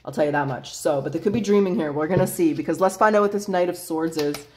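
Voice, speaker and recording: Woman, lowish voice, blunt and chatty, tarot reader, swears, laughs a lot. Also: fast, darkish tone. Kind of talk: casual tarot reading.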